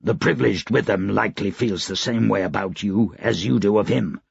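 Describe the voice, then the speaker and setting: Brief: amused, philosophical soldier, raised dry tone, put on by a male narrator, husky, dry recording. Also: lowish voice, normal speed, no room sound, heavily acted. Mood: wry. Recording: dry, slightly dull recording.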